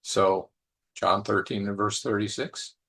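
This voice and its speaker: A man's voice: lowish voice, little pitch movement, a little slow, creaky, a bit bright. A man preaching a conversational sermon, musing aloud and repeating phrases as he reflects.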